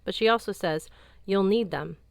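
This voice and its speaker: A woman's voice: medium pitch, normal speed, gravelly, dry recording, natural voice. A woman reading an audiobook, voicing a fierce, bitter young woman warrior in a brusque, sardonic tone. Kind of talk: audiobook character voice.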